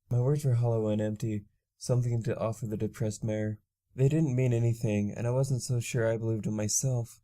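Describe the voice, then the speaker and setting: Mellow-voiced male narrator reading a story. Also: mid-range voice, a little fast. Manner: steady first-person storytelling. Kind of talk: audiobook reading of fan fiction.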